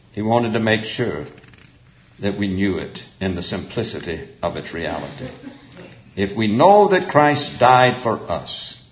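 Older male preacher, folksy sermon, chuckles, roomy hall, dull lo-fi recording. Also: on the low side. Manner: folksy, chuckling, drawn-out emphatic repeats.

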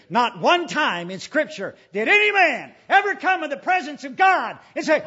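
A man preaching a sermon emphatically, asking repeated rhetorical questions and swinging between loud and hushed delivery. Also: very high voice, sing-song, normal speed, hardly any pauses, lo-fi sound.

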